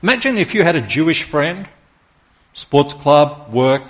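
A man's voice: fairly high pitch, big pitch swings, measured pace. Earnest male pastor preaching. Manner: earnest, emphatic preaching that quizzes the congregation. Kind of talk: sermon.

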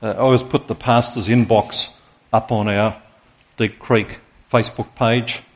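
A man's voice: on the low side, fairly even intonation, a little slow. A man preaching a sermon as pastor to his congregation, earnest and emphatic, stopping to put questions to the listeners.

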